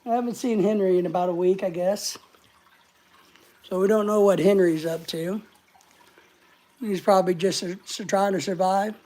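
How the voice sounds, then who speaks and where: Host, female, short of breath, mellow voice, rambling chat that greets each viewer. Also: medium pitch, fairly even intonation, moderate pace, pauses often. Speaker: live-stream host. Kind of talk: casual live-stream chat.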